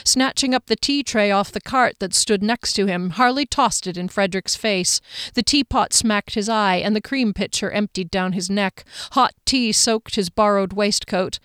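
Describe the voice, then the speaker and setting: A woman narrating a fantasy novel in a steady, expressive reading. Her voice sits at a middle pitch. The recording is dry and close, with no room sound. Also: normal speed, clean tone, dry recording. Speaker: audiobook narrator. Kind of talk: scripted narration.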